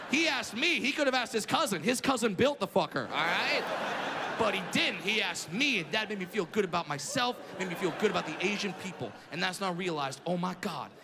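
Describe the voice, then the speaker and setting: High-voiced brash stand-up comic. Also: male voice. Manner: brash, profane, shouting rants. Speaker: stand-up comedian. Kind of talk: stand-up comedy routine. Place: comedy stage. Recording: echoey hall, audience noise.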